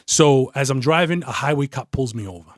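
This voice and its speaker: A man, a retired detective as a podcast guest, telling a story in a casual, profane, animated way. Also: medium pitch, brisk, no room sound, clean studio sound. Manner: profane, animated, acts out quoted voices.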